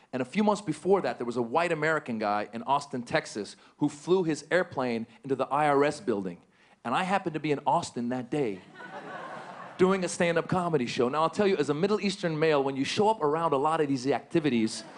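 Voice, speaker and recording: Animated middle-aged male stand-up comic. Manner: animated, jumps into shouted high-pitched bits for jokes. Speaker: stand-up comedian. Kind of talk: stand-up comedy set. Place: large theater stage with a live audience.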